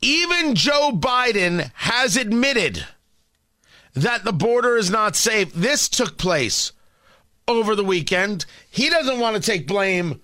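A man hosting an opinionated talk radio commentary, emphatic and animated, with hesitant fillers. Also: high-pitched, slow pace, dry recording.

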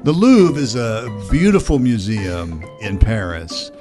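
An older man hosting a morning radio show, his pitch swinging lively up and down in playful banter. Music plays behind him on air. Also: slow. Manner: playful, animated game-show delivery.

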